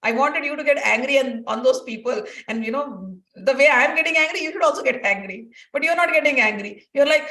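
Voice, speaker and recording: A woman's voice: sits high, brisk, few pauses, pushed and bright. A woman giving an earnest devotional teaching talk, telling personal stories and repeating phrases for emphasis. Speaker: spiritual teacher. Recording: roomy distant mic.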